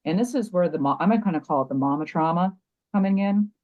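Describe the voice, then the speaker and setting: A middle-aged woman, a nurse turned coach, telling a personal story as a podcast guest in a halting way, with frequent restarts and fillers. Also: on the low side, lively intonation, mellow, lo-fi sound. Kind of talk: candid conversational storytelling.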